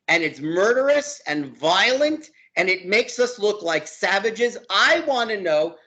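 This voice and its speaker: A man who is a law professor living in Brooklyn speaks as an interview guest, arguing heatedly and emphatically, repeating words to drive his points home. His voice is high, pushed, and bright.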